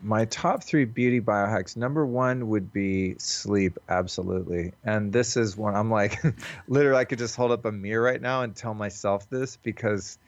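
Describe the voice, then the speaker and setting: Man, low voice, earnest and reflective, casual podcast guest, dull lo-fi call audio. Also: steady tone, normal speed, no room sound. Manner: earnest, reflective, loose with swearing. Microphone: call recording.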